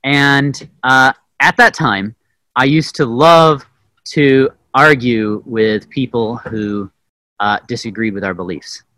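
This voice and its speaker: A man teaching a Bible lesson through a personal story, animated and self-mocking with plenty of fillers. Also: medium pitch, slow, dry recording, low-quality recording. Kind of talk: storytelling sermon.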